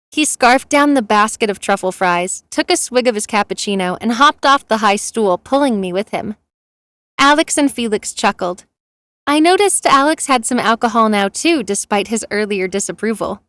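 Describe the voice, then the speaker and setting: A woman narrating a first-person romance story in a steady, plain reading. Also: on the high side, normal speed, no echo.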